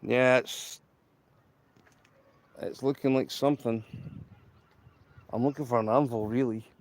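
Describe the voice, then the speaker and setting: Scottish man, middle pitch, slow drawling pace, live-stream chat outdoors, emphatic rambling. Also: fairly even intonation. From Scotland. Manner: rambling, emphatic, repeats himself. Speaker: trainspotting livestreamer. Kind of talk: casual live-stream chat, answering viewers. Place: outdoors by a railway line in light rain.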